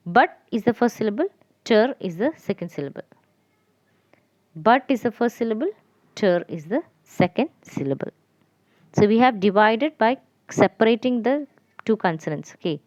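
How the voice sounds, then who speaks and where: A woman teacher giving a lesson to children, repeating and spelling out letters slowly. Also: fairly high pitch, a little mellow, no room sound. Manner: slow, repetitive, spelling out letters.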